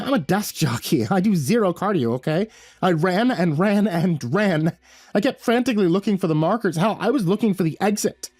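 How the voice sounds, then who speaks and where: A man's voice: high voice, a little mellow, no echo. A man narrating a first-person horror story in a tense, breathless way, stumbling over words now and then.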